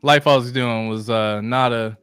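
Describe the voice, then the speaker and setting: A man, a Marine veteran, telling a profane, animated story in casual chat. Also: medium pitch, unhurried, clear, resonant tone, no echo, faint music behind.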